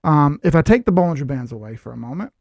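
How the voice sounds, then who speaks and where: A man hosts casual market commentary, explaining charts in a blunt, lecturing way. He drops sarcastic asides along the way. His voice is high for a man, and the sound is dry and close. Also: lively intonation, fast talker, vocal fry, a little mellow, no echo, highs cut off. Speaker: crypto chart analyst host.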